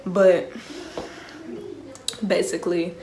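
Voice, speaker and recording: A woman's voice: on the low side, flat delivery, extremely slow, dark tone, reverberant, a little hiss or hum. A young woman vlogger in casual storytime mode. She talks in slang and keeps checking that the listener is following.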